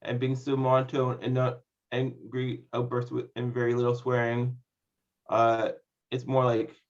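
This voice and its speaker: A man answering interview questions as a comedian guest, speaking in a monotone and pausing often with fillers. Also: medium pitch, dull audio. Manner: monotone, halting with many fillers.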